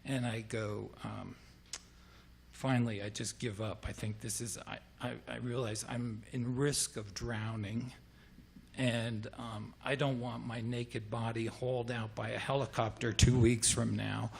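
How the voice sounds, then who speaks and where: A man's voice: medium pitch, little pitch movement, a little slow, vocal fry, slight background noise. A man telling a personal story live at a restaurant story slam, in a casual, hesitant way.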